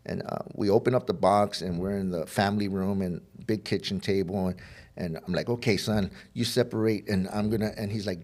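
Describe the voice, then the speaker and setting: A man with a fairly low voice recounts his own story on a podcast. He is candid and rambling, full of fillers and restarts, and he acts out the dialogue as he goes. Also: steady tone, a little fast, a little mellow. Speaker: podcast guest sharing his recovery story. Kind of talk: heartfelt personal storytelling.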